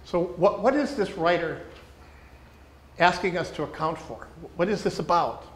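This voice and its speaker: A man teaching a small group how to read scripture closely, speaking deliberately and repeating key words for emphasis while asking the room questions. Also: high voice. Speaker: teacher leading a workshop for pastors. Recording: echoey room with faint ambience.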